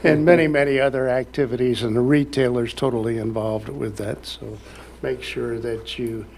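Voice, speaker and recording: Rambling man with gravelly voice. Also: medium pitch, steady tone, normal speed, a little mellow, slight background noise. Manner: rambling, folksy, many fillers and restarts. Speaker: city council member. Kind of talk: council meeting report.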